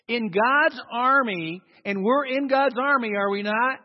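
A man's voice: extremely high pitch, measured pace, few pauses. A man preaching a sermon to a congregation, emphatic and calling for responses. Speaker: pastor. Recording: dull sound in a long-reverb hall.

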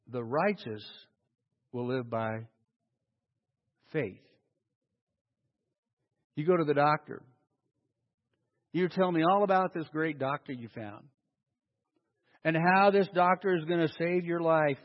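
A man preaching a sermon as a pastor, telling stories and swinging from loud acted-out quotes to hushed, slow emphasis. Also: a little high. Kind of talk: sermon storytelling. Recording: dull sound with long hall reverb.

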